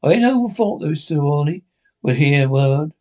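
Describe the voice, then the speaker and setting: A man's voice: fairly high pitch, lively intonation, normal speed, dark tone, close to an everyday voice. A man voicing a blunt, formal sea captain who speaks curtly. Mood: stern. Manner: curt, stiff and formal.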